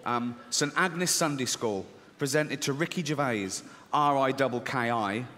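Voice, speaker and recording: A middle-aged man doing stand-up comedy, deadpan and swearing, acting out squeaky voices in a theater. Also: unhurried, long reverb tail. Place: large theater with audience. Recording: live theater, audience laughter.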